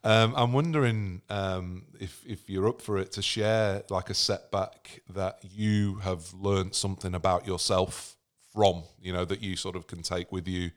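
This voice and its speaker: A man hosts a casual interview. His voice sits fairly low, and his probing questions come out loose, with plenty of fillers. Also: fairly even intonation, unhurried. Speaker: interview host.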